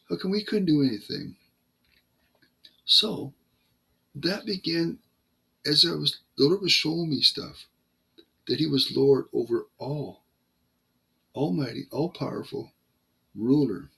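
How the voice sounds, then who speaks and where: An older man retelling a personal faith story in a casual, halting way, acting out the dialogue as he goes. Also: fairly high pitch, animated, gravelly, sharp tone, slightly rough. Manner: halting, acts out quoted dialogue. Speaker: Christian storyteller.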